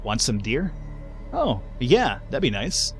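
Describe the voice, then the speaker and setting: A gruff middle-aged hunter from the woods speaks in a plain, matter-of-fact drawl, as a man reads his lines aloud during a gameplay video. His pitch sits at an ordinary middle height for a man. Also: wildly swooping pitch, takes it slowly, soft background music, heavily acted. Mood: offhand.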